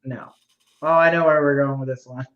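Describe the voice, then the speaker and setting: A man in his thirties co-hosting a podcast, talking calmly and sounding amused. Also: medium pitch, a little fast, dull audio. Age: 30s. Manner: calm, amused, conversational. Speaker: podcast co-host.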